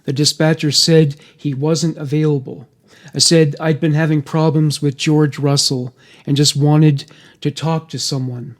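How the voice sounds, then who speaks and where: A man narrating a first-person true-crime account in a steady, even reading voice. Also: on the high side, measured pace.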